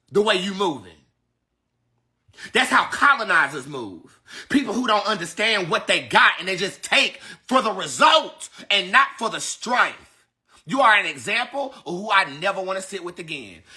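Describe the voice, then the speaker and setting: Tarot lady w/ cussing out a client on a live, super animated, bright edgy voice. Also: mid-range voice. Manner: blunt, cussing, emphatic. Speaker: tarot reader. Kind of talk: livestream rant.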